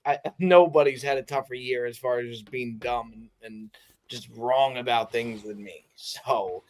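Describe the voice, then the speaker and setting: A man's voice: mid-range voice, measured pace, darkish tone. A man co-hosting a podcast, bantering casually and mocking himself. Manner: laughing, self-mocking banter. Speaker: podcast co-host. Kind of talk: casual chat.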